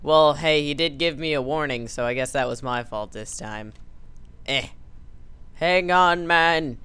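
Goofy, animated male game commentator. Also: mid-range voice, measured pace, smooth, dry recording. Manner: goofy, jokey, playacts a scolding father. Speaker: let's play commentator. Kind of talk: casual gameplay commentary.

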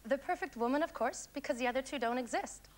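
Canadian woman contestant, rapid and breezy, slightly high voice, noisy broadcast. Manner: brisk, joking. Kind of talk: TV show interview answers.

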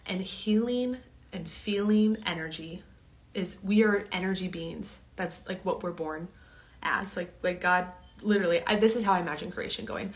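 A woman's voice: fairly low pitch, moderate pace. A woman hosting a casual storytelling monologue, chatty and earnest, sometimes dropping to a near-whisper. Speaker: host.

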